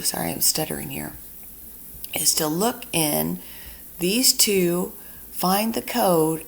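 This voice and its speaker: A woman instructor giving a screen-recorded software tutorial, chatty and talking herself through each step. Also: on the low side, gravelly.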